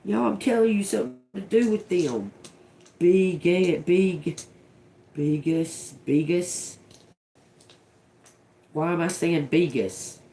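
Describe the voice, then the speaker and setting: A middle-aged woman streams a channeled tarot reading in a slow, unhurried way. She swears freely, giggles to herself and drifts between muttered single words and rambling asides. A faint background hum sits under her voice. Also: lowish voice, gravelly, warm tone. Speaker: tarot reader on a livestream. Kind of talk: casual live channeled reading.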